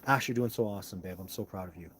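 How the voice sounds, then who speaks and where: A man hosting a live stream, answering chat in a rambling way that heats up into loud, indignant rants with cursing. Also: lowish voice, a little hiss or hum.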